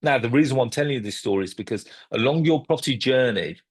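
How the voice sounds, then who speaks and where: Husky-voiced man telling a story. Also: mid-range voice, fast. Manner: animated storyteller acting out phone calls. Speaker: property investor and host. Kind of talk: storytelling to camera.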